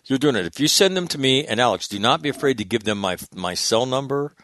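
A man's voice: medium pitch, animated, quick pace, fairly bright tone. A middle-aged man, a Marine veteran guest, telling stories in an emphatic, blunt and profane way. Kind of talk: candid storytelling interview.

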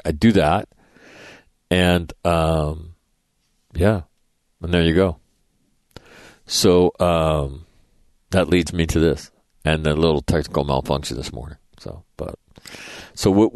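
Deep gravelly middle-aged man telling stories. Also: darkish tone, no echo. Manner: profane, rambling anecdotes with acted-out dialogue. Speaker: radio show host. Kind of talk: casual storytelling monologue.

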